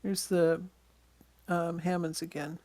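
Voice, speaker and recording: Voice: medium pitch, flat delivery, slow pace, mellow, no room sound. Casual, dry-voiced birding instructor. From Western Washington. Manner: casual, points at photos, many ums and uhs. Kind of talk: slide-show bird identification lesson.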